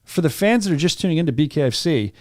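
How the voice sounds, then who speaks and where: A man hosts a combat sports show from a studio, talking fast and eagerly. He tells stories and repeats words as he goes. His voice sits somewhat high, and the sound is close and dry. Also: expressive, dry recording. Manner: enthusiastic, storytelling, repeats words. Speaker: podcast host. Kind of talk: casual studio chat.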